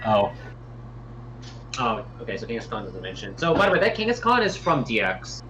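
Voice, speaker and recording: A man's voice: on the low side, sing-song, fairly bright tone, dull audio, a little hiss or hum. Wry male stream co-host. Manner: wry, quick side remarks. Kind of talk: casual gameplay commentary.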